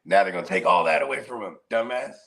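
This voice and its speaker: A man's voice: sits low, fast. A man co-hosting a casual podcast chat, telling stories with acted-out quotes and frequent laughter. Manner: animated storyteller, acts out quotes, laughs often. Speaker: co-host.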